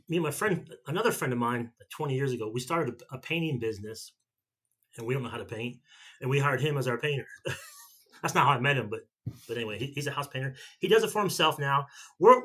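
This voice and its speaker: A man's voice: medium pitch, bright, forceful tone. A man in his fifties chatting casually on his vlog, a rambling storyteller who often repeats and restarts himself. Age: 50s. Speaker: vlogger. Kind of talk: casual chat.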